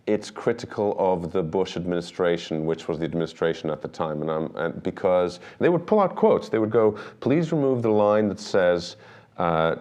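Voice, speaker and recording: Deep-voiced man telling animated stories. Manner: animated anecdotes, acts out quoted dialogue. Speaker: documentary filmmaker guest. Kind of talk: conversational storytelling interview.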